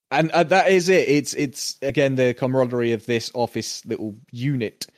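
A man's voice: medium pitch, fairly quick, dry recording. Male co-host, casual rambling recap, dry close sound. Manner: rambling, acts out characters' lines. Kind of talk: casual chat recapping a TV episode.

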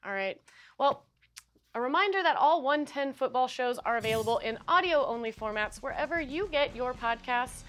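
A woman with a fairly high voice hosts a soccer podcast in a casual, friendly way. Faint music plays underneath her talk. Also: animated, brisk, hardly any pauses, fairly bright tone. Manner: emotional, choked up at a farewell. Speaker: podcast host.

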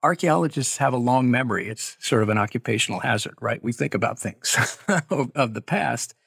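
A middle-aged man, an archaeologist, answering interview questions in a measured, explanatory way with hedging asides. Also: medium pitch, lively intonation, vocal fry, fairly bright tone, breathy edge, no room sound, clean studio sound. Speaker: archaeologist guest.

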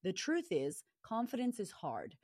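A woman's voice: mid-range voice, huge pitch swings, unhurried, darkish tone, dry recording, studio quality. A woman speaking as an interview guest and confidence coach, blunt and passionate, swearing freely. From Latina upbringing. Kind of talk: candid interview talk.

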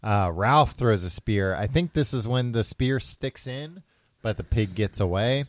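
A man's voice: medium pitch, expressive, unhurried, no room sound. A man casually retelling a book's plot on a podcast, full of fillers and restarts, slipping into the characters' voices. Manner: rambling with many fillers, acting out characters' lines. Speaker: podcast host recapping a book. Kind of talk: casual chat.

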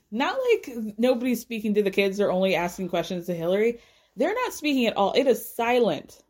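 A woman's voice: a little high, darkish tone. A young woman giving casual, sarcastic gossip commentary, swearing freely and laughing. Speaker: vlogger.

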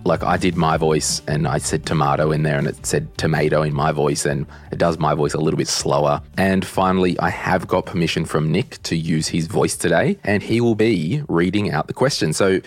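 A man's voice: very deep voice, moderate pace, hardly any pauses, breathy edge, soft background music. A man hosting a podcast in a casual, chatty way, ranting bluntly at times. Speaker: podcast host.

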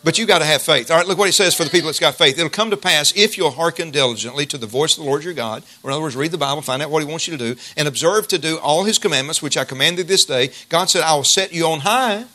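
A man preaching a sermon, reading scripture slowly and emphatically and leading the congregation in call-and-response. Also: a little high, sharp tone.

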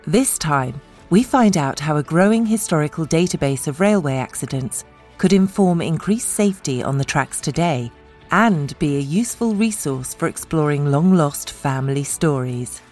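Woman narrator, very low voice, polished scripted delivery, faint music behind. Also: expressive, moderate pace, a little mellow.

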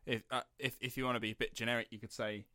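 A young man co-hosting a podcast, joking and swearing in animated, casual banter. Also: mid-range voice, very fast, dry recording, studio quality. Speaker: podcast co-host.

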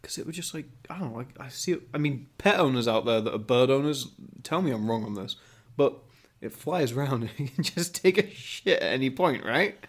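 A man's voice: medium pitch, animated, fairly quick. A young man co-hosting a podcast, his voice in an ordinary middle register. He talks casually and hedges his points, laughing along with his friend. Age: 20s. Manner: chatty, hedging, laughs along. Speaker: podcast co-host. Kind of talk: casual chat.

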